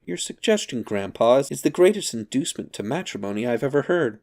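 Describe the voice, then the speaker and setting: A man's voice: medium pitch, animated, a little fast, darkish tone, voice pushed up, close to an everyday voice. A man voicing a teasing, irreverent young woman.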